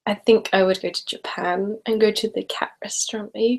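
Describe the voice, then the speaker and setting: A woman's voice: mid-range voice, fairly even intonation, brisk. A young woman hosting a casual live stream, chatting and giggling as she answers viewers. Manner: chatty and giggly, speaks normally rather than whispering.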